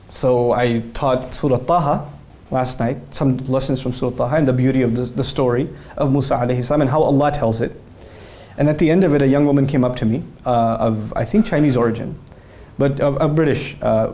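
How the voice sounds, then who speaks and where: A man speaking in an interview with a warm, mellow voice. He talks in an earnest, animated way and tells stories through quoted dialogue. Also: medium pitch.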